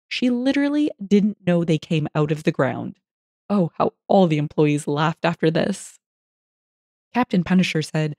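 A woman narrating online stories and reader comments for a story channel, with an expressive, amused delivery. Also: deep voice, a little slow, dry recording, clean studio sound.

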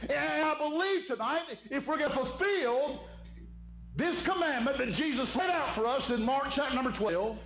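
A man's voice: very high voice, normal speed, fairly bright tone. A man preaching an evening sermon as pastor, fervent and fond of saying "my friend". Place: church sanctuary. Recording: echoey church room with faint hum.

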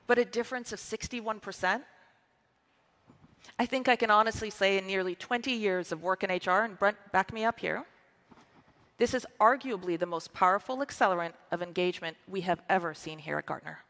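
A woman's voice: medium pitch, a bit bright. A woman in her forties giving an upbeat, emphatic scripted keynote to a conference audience. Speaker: conference presenter. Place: large conference hall. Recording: reverberant conference hall.

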